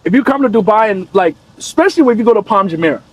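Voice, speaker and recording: High-pitched male guest, entrepreneur, loose slangy chat style. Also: lively intonation, rapid-fire, no room sound, rough recording. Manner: loose, slangy, frequent "you get what I'm saying". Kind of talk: casual interview chat.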